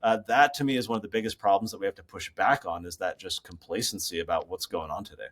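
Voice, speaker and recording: A man speaking as a guest over a laptop video call from his office, explaining ideas in an animated, storytelling way. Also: deep voice, fast talker. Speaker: guest author. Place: home office.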